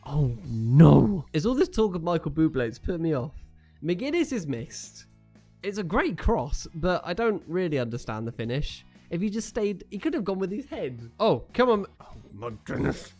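A man's voice: sits high, very animated, moderate pace, darkish tone, faint music behind. A young man commentating on his own football video game, joking, groaning and cheering at each play. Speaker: gaming YouTuber. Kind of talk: casual live game commentary.

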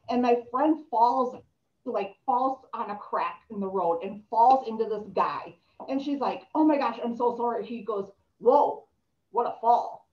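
Chatty woman in an echoey room. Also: medium pitch. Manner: chatty, storytelling, many ums. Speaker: real estate trainer. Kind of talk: casual talk to a group. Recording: echoey room, dull lo-fi sound.

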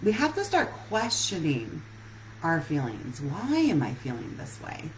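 A woman's voice: low-pitched, huge pitch swings, a little slow, a little hiss or hum, poor audio. A woman relationship coach giving an earnest live-streamed talk that puts many questions straight to her listeners.

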